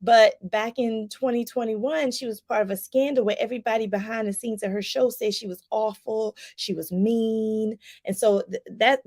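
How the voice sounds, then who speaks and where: Speaking at a moderate pace with few pauses, this woman has a little high, steady, darkish voice. She's a life coach giving a relaxed explanation to viewers, loose and talkative, full of fillers and examples she acts out.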